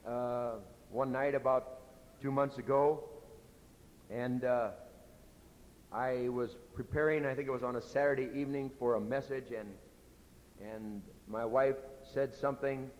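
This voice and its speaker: A middle-aged pastor preaching in a church, earnest and conversational, going soft and low when he tells of his own mistakes. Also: steady tone, unhurried. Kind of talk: sermon. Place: church sanctuary. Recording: echoey hall with faint rumble.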